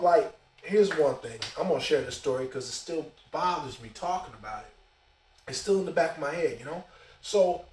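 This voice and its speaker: High-voiced man telling a rant, roomy. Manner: animated, profane, conversational. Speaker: podcast host. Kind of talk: casual storytelling. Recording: roomy echo, distant mic.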